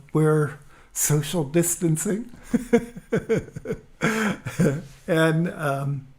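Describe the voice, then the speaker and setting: Easygoing chatty man, slow talker. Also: high-pitched, a little mellow. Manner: chatty, laughs often, easygoing. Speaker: musician hosting a livestream. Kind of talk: casual livestream chat with viewers. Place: at home in an easy chair.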